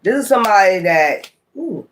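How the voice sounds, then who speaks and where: A man gives a loose, casual tarot reading, thinking out loud and breaking into sudden exclamations. He speaks, in a fairly high voice for a man. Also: sing-song, moderate pace. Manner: musing aloud, exclamatory asides. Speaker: tarot reader.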